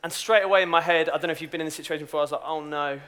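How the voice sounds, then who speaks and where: A man's voice: fairly high pitch, steady tone, rapid-fire, fairly bright tone. A young man giving a chatty, self-deprecating youth talk with a story. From Britain. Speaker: youth speaker.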